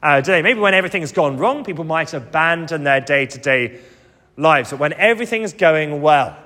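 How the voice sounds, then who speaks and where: A man's voice: on the high side, lively intonation, moderate pace, pushed and bright, in a large hall. A man preaching a sermon, earnest and emphatic, coming back to key phrases again and again.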